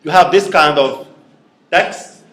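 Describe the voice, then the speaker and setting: A man's voice: on the high side, takes it slowly, a bit bright. Man lecturing in echoey classroom. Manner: questions the class, peppers speech with "okay". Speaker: university lecturer.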